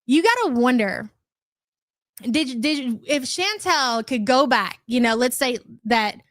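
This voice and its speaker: A woman's voice: a little high, a bit bright, no echo. A woman hosting a casual livestream commentary, sarcastic and scornful, greeting chatters by name as she goes.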